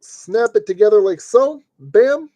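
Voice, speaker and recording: A man's voice: high voice, animated, a little slow, warm tone, no room sound. A man streaming live from his desk, casually talking himself through each step as he assembles a model kit. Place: at a desk indoors.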